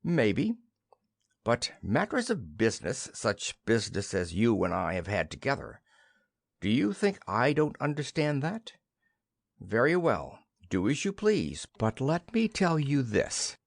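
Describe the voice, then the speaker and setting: A man's voice: medium pitch, wildly swooping pitch, unhurried, gravelly, no room sound, clean studio sound, full character voice. A man voicing a stern middle-aged lawyer who blackmails, cold and threatening in tone.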